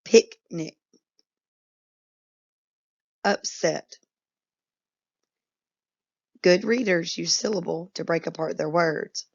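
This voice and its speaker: A woman's voice: on the low side, creaky, highs cut off. A woman teacher giving a patient phonics lesson to young children, drawing out each word. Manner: patient, instructive, drawn-out words.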